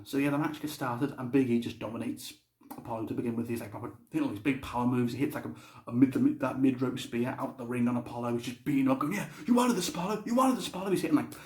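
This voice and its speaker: A man's voice: medium pitch, darkish tone. A young man giving a casual, blunt spoken review, swearing freely. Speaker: wrestling show reviewer. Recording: roomy echo.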